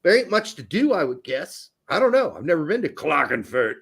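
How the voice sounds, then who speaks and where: A man's voice: a little high, big pitch swings, a little fast, vocal fry, fairly bright tone, breathy edge. A man co-hosting a casual sports podcast, rambling, joking and swearing freely. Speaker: podcast co-host. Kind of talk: casual soccer podcast chat.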